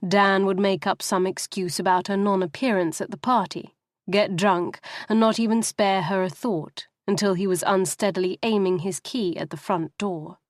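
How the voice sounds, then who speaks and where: A woman's voice: medium pitch, moderate pace, no room sound. Woman narrating a novel, dry and close. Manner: steady, even storytelling. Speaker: audiobook narrator.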